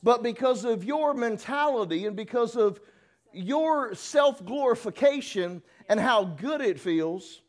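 A man's voice: very high-pitched, expressive, a little slow. A man preaching a sermon, folksy and teasing, acting out little voices as he goes. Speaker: pastor.

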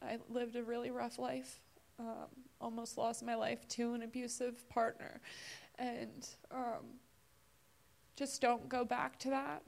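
A woman giving a personal testimony at a church service, emotional and halting, close to tears. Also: fairly high pitch, level tone, gravelly.

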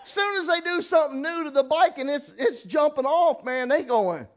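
A man preaches a sermon in a folksy, teasing way. His voice sits high for a man, and he jumps into little acted-out voices. He talks straight to his listeners. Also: animated, normal speed. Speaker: pastor.

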